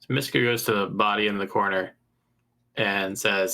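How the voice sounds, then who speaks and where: A man's voice: lowish voice, level tone, moderate pace, bright, forceful tone. A man playing a tabletop game, casually asking about rules and describing his character. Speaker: player.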